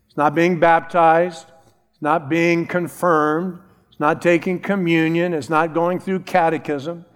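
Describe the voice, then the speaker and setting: A man's voice: a little high, flat delivery, a little slow, clear, resonant tone, big-room sound. A middle-aged man preaching a sermon as a pastor, emphatic and repeating key phrases.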